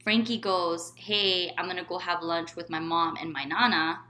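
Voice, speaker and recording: Young adult woman, podcast co-host, bright tone, animated and profane storyteller. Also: lowish voice, normal speed, slight background noise. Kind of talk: casual chat, storytelling.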